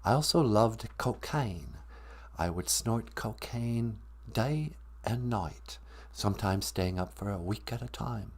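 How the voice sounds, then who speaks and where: A man's voice: lowish voice, expressive, takes it slowly, heavily acted. A man putting on a posh English rock-star ghost. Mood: confessional.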